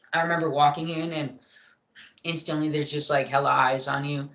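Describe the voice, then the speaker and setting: Young man, podcast guest, rambling storytelling, lots of fillers, throat clearing, slightly high voice. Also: little pitch movement, unhurried, pushed and bright. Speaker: interview guest. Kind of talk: casual storytelling in an interview. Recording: echoey room.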